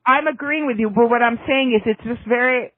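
A woman co-hosting a podcast in casual chat, opinionated and snarky, talking in quick bursts. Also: a little high, dry recording. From United States. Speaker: podcast co-host. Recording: tinny phone-like line.

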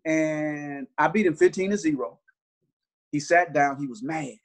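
A man's voice: a little high, unhurried. A middle-aged man, a basketball trainer, telling stories in a casual interview with earnest, repeated restarts.

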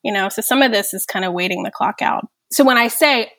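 A woman's voice: a little high, brisk, few pauses, a bit bright, no echo. A woman in her thirties, a therapist speaking earnestly and reflectively in a podcast conversation, often tagging "right?" and "like". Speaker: therapist guest.

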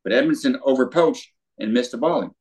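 An older man, a former tennis pro, telling a story in an interview with lively quoted voices. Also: mid-range voice, fairly quick, husky. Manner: animated storyteller with acted quotes.

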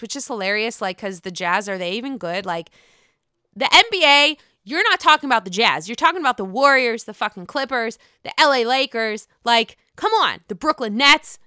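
A woman's voice: fairly high pitch, bright, forceful tone, clear, resonant tone, dry recording, studio quality. Blunt, foul-mouthed young woman ranting. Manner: blunt, swears freely, mimics cast members in exaggerated voices. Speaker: reality TV commentator. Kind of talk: casual solo recap chat.

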